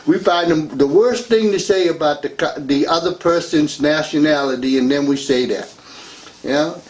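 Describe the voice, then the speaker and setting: A man's voice: fairly high pitch, moderate pace. A man hosting a talk radio show, rambling through a casual monologue and laughing between remarks. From United States. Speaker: radio host.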